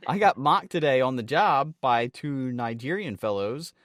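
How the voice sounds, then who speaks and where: A man co-hosting a podcast, spinning loose stories peppered with swearing. His voice sits at an average pitch. The mic sound is dry and close. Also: measured pace, no room sound. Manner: animated storyteller, swears often, acts out quotes. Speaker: podcast co-host. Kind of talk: casual chat.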